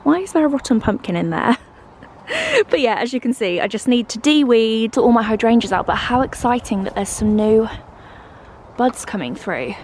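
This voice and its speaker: A woman's voice: on the high side, expressive, normal speed, a little mellow, recorded from a distance, a little hiss or hum, rough recording. A woman with an English accent chatting casually in a home vlog, bubbly and thinking aloud as she tastes food, then tidies the garden. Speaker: lifestyle vlogger.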